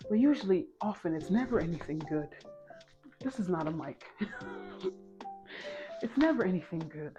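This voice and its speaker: A woman's voice: on the low side, expressive, muffled recording, music in the background. Young woman in her 20s spilling a story, jokey asides, casual and chatty. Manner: chatty, quick asides and self-mocking jokes. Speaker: storytime vlogger.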